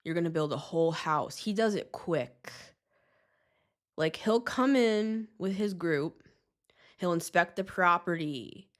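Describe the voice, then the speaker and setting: A woman hosting her own show, giving a casual tarot reading to camera in a chatty, excitable, slangy way with frequent laughs. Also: fairly low pitch, takes it slowly. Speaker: tarot reader and show host.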